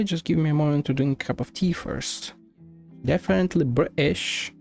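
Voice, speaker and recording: A man streams a video game and chats casually, muttering and swearing offhand at the screen. His voice is a bit high with a gravelly, creaky edge. Game music plays faintly behind him. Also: moderate pace, a little mellow.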